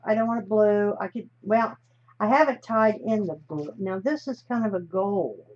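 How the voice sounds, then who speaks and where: A woman's voice: medium pitch, normal speed. A woman from the United States hosting a live stream while she crafts, talking in a chatty, rambling way that often trails off mid-sentence. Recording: slightly dull, faint hiss.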